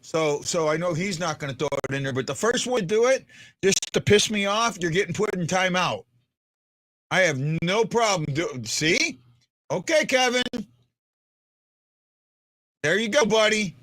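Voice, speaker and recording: A man's voice: high-pitched, animated, normal speed, a bit bright, dry recording. A man hosting a live fan stream, chatting loosely, joking and talking to viewers in the chat by name. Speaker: livestream host.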